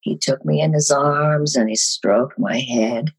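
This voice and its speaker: Low husky older woman telling stories. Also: measured pace, rough recording. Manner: animated storyteller. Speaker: guest actress. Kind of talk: podcast storytelling.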